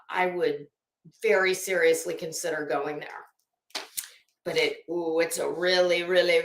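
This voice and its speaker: Slow, chatty woman in an echoey room. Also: on the high side, bright, forceful tone. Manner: rambling, chatty, with many restarts and fillers. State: tired and groggy. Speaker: host. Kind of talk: casual chat.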